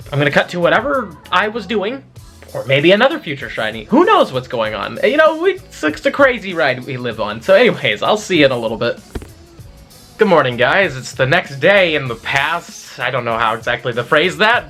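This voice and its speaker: Bright-voiced excitable young gamer guy. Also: a little high, husky. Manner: chatty, excitable, addresses viewers. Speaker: mobile game vlogger. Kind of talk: casual gameplay vlog.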